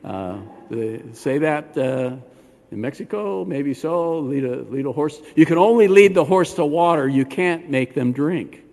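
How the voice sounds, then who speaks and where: An older man, a rabbi preaching a sermon in a synagogue, animated and talking straight to the congregation with questions. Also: a little high, measured pace, creaky. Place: synagogue sanctuary. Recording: long hall reverb.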